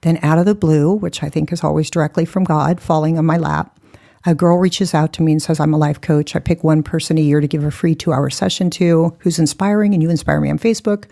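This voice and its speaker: Gravelly, mellow-voiced woman telling stories. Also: deep voice, steady tone, fairly quick. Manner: blunt, self-mocking, laughs often. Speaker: guest. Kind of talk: candid storytelling.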